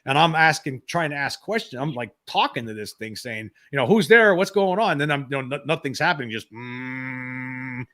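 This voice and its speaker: A man in his fifties shares a personal experience as a guest. He talks in halting bursts, restarting and repeating words as he goes, at a mid pitch. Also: expressive, pushed and bright.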